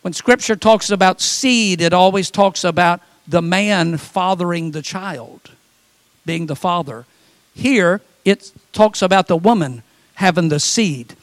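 Man, pastor, high-pitched, preaching, animated, acts out quotes, dry close sound. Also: dry recording. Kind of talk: sermon.

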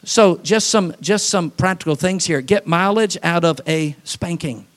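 A man preaching a sermon as pastor, folksy, with quick asides and acted-out voices. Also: high-pitched.

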